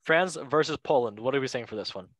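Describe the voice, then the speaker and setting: A young man hosting a casual football podcast, playful and quick to laugh, with goofy asides. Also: mid-range voice, animated, fairly bright tone, no echo. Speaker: podcast host.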